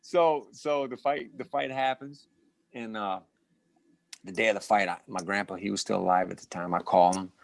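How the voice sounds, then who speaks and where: A middle-aged man, once a boxing champion, tells his fight stories with a low voice. He talks in bursts, repeats and restarts his words, and laughs often. His voice sounds dry and close, with no room around it. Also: brisk, creaky, dry recording. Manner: animated storyteller with many restarts and repeated words. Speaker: former boxing champion, guest. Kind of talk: storytelling in a casual interview.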